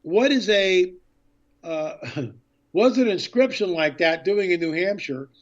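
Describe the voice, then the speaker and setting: Excited man telling a story, muffled lo-fi. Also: high-pitched, slow. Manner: excited storyteller who acts out past conversations. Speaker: author and filmmaker guest. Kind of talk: radio interview storytelling.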